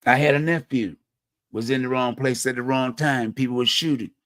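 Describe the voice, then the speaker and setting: A man's voice: medium pitch, steady tone, normal speed, fairly bright tone, no echo, clean studio sound. Blunt, plain-spoken man talking straight. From Hampton Roads, Virginia. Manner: blunt, repetitive, conversational, with local slang. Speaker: community talk show host. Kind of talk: personal monologue on community violence.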